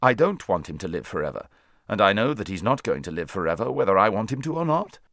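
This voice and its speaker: Male reader doing a haughty talking war horse, low voice, lively and commanding, dry close sound. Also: dry recording. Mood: brisk. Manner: brisk, commanding, contemptuous.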